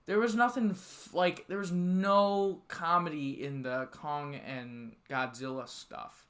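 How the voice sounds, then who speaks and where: A man's voice: a little high, steady tone, takes it slowly, fairly bright tone. A young man co-hosting a podcast, talking bluntly about a film, swearing casually and teasing his friend. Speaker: podcast co-host. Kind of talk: casual film review chat.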